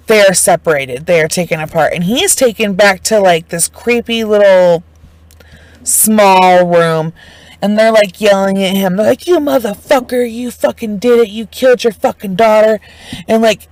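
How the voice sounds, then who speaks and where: Recounting a true crime case in a casual, chatty way, this woman sounds indignant and personally invested, swearing and using fillers often. She has a medium-pitched voice, and the audio is poor though echo-free.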